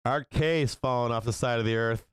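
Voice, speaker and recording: A man's voice: mid-range voice, fairly quick, smooth, no room sound. A man hosting a live stock market stream, swearing a lot and reacting with disbelief and frequent laughter. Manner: profane, incredulous, laughing often. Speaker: stock market livestream host.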